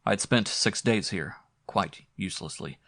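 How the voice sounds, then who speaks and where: A man narrating a horror audiobook with a low, gravelly voice. His reading is measured and brooding, with scripted pacing. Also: a bit bright, dry recording, studio quality.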